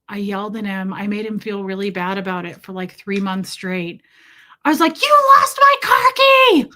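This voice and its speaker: Bright-voiced chatty woman vlogger. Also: mid-range voice. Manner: chatty, self-mocking, bursts into loud dramatic outbursts. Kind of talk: casual chat.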